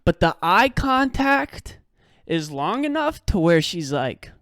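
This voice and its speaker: A young man rants through a comic story on his podcast. His voice swings widely in pitch and the delivery is loose, rambling and slangy. It sounds close and dry, with no room around it. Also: sing-song, slow pace, fairly bright tone, dry recording. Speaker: podcast host. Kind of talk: casual comedic rant.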